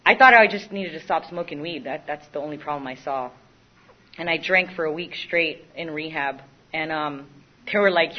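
Candid young woman, dull lo-fi sound. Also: low-pitched. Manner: candid, self-mocking storytelling with halting restarts. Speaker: recovery speaker. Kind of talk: personal testimony. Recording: dull lo-fi recording.

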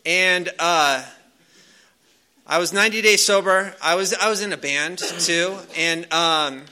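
Man, casual storytelling, rambling with fillers, slightly higher voice. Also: unhurried, bright, forceful tone. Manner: rambling, loose, full of fillers and restarts. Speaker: speaker sharing a recovery story. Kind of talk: casual storytelling to a live audience.

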